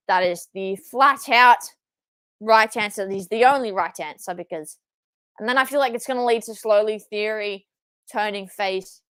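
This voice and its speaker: A young Australian woman streaming a live wrestling watchalong, excitable, swearing and shouting at big moves. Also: medium pitch, clear, resonant tone, dry recording. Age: young adult.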